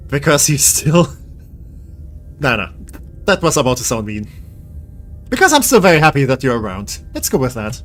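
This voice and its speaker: A man's voice: medium pitch, sing-song, normal speed, pauses often, a bit bright, soft background music. A man live-streaming a game, tired and rambling as he jokes with his chat in a self-deprecating way.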